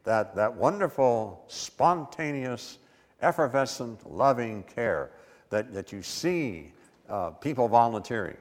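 A man's voice: mid-range voice, expressive, slow, long reverb tail. A man preaching a sermon with emphatic stress and repeated words.

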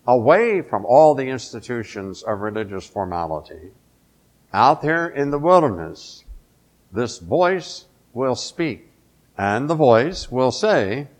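A male pastor preaching a sermon, emphatic, drawing out key words. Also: medium pitch.

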